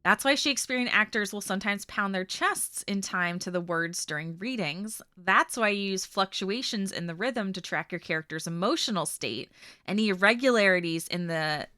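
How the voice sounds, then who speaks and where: A woman's voice: mid-range voice, lively intonation, moderate pace, pushed and bright, dry recording, clean studio sound. A woman streaming a casual, rambling chat who laughs often and trails off mid-thought.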